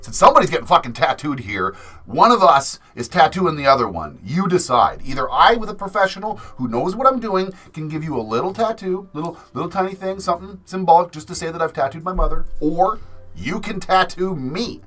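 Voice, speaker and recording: A man's voice: fairly high pitch, sing-song, brisk, bright, forceful tone, soft background music. Swearing, laughing guy in his 40s. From Canada. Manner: profane, laughing storyteller. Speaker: livestream host. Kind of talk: casual livestream chat.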